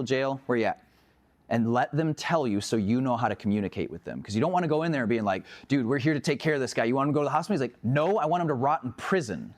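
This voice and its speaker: A man in his thirties lectures a class in a casual, story-driven way. His voice is very lively in pitch and he acts out the other people in his anecdotes, often breaking into laughter. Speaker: EMS instructor.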